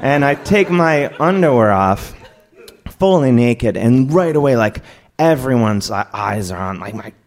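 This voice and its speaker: A man telling a comic personal story on stage, lively and laughing, acting out other people's lines. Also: medium pitch, a little slow. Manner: animated, laughing, acts out voices of others. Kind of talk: live comedic storytelling.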